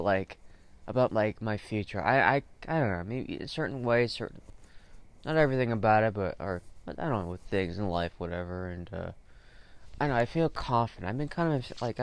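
In a fairly low, smooth voice, a podcast host meanders alone through his thoughts. He leans on fillers, curses freely, and flares up in abrupt fits of frustration.

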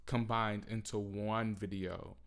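A man hosting a casual solo podcast, talking loudly and animatedly with frequent swearing and mocking asides. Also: on the low side, flat delivery, slow, vocal fry. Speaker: podcast host.

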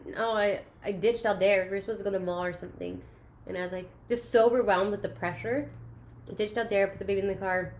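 A woman's voice: mid-range voice, fairly even intonation, quick pace, slight background noise. Earnest woman speaking openly. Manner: earnest, open, soft-spoken at times. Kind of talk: candid personal chat.

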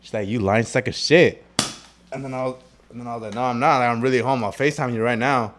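A man's voice: mid-range voice, fairly even intonation, rapid-fire, background noise. A young man co-hosting a podcast, telling rambling, profanity-heavy stories with friends in a small room. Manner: loose, profanity-heavy, rambling storytelling with restarts. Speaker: podcast co-host. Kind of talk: casual storytelling chat.

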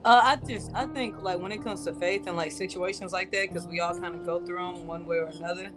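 A woman co-hosting a faith conversation, speaking in a relaxed, reflective way with casual slang. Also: lowish voice, fast. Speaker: podcast co-host. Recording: guitar music underneath.

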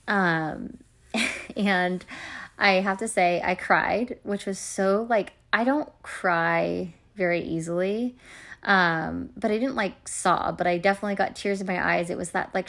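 A woman's voice: fairly low pitch, vocal fry, a bit bright. A woman in her thirties hosting a podcast, telling stories in a chatty, self-deprecating way with lots of fillers. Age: 30s. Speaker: podcast host and coach. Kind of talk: casual chat.

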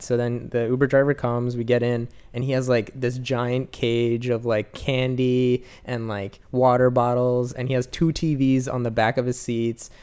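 Young man, smooth clear voice, casual and lively storyteller who laughs easily. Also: medium pitch. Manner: lively, laughs often, acts out quotes.

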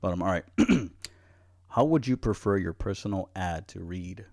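A man's voice: deep voice, normal speed. A young man hosting a casual podcast, telling stories, laughing often and swearing freely. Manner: laughs a lot, swears, animated storytelling. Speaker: podcast host. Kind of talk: casual chat.

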